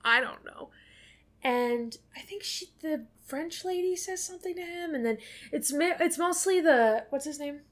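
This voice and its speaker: A woman's voice: sits high, moderate pace. A woman co-hosting a podcast, recapping a movie in a rambling, casual way full of fillers and the odd swear. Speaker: podcast co-host.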